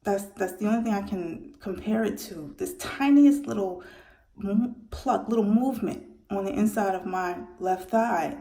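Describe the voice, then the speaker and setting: A woman tells the story of her own premature birth, speaking haltingly and with emotion. She restarts her sentences often. Her voice sits at a middle pitch and carries a noticeable room echo. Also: mellow. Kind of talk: personal storytelling monologue.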